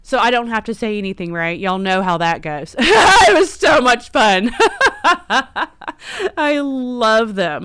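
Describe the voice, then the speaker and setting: A woman's voice: mid-range voice, a bit bright, clean tone, no echo. A middle-aged woman, hosting a casual live stream, chatty, emotional, and close to tears as she laughs. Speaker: livestream host and horror store owner.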